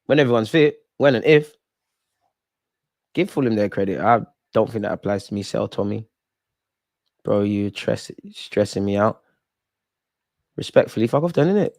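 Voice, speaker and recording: Young guy reacting live to the match, pleading with players then yelling when they score. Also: fairly low pitch, normal speed, pauses often. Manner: excitable, talks to the players on screen; shouts and yells at goals and chances. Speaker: football watch-along host. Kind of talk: live match watch-along commentary.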